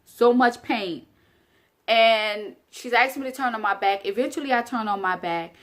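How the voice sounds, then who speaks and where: A woman's voice: a little high, a little fast, fairly bright tone. Earnest young woman telling her story. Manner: earnest, addresses viewers directly, repeats phrases for emphasis. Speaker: vlogger. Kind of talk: casual storytelling to camera.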